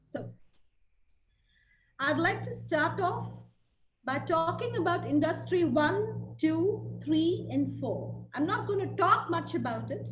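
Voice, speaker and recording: A woman lecturer giving a webinar, telling a story and speaking in a deliberate, emphatic way. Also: very high-pitched, expressive. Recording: echoey room with faint noise.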